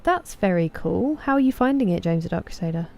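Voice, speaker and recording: A woman's voice: lowish voice, lively intonation, brisk, darkish tone. A young woman from England with an English accent, streaming a game and chatting casually with her live chat, greeting viewers by name. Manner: chatty, reads viewer names and greets them.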